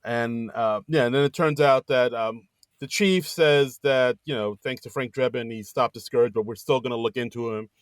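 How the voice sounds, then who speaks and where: A man's voice: moderate pace, smooth, dry recording. A man co-hosting a podcast, casually recapping a movie and acting out bits of dialogue. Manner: animated retelling, acts out lines in a high voice. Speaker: podcast co-host.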